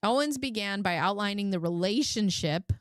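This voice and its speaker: A woman's voice: medium pitch, animated, normal speed, a little hiss or hum. A woman hosting a live stream, reading out court records with sarcastic asides. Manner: sarcastic asides, laughs at her own jokes. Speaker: live commentary host.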